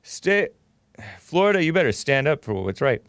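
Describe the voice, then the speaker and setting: A man's voice: a little high, sing-song, normal speed, no echo. A man hosting a call-in talk show, arguing with and interrupting callers.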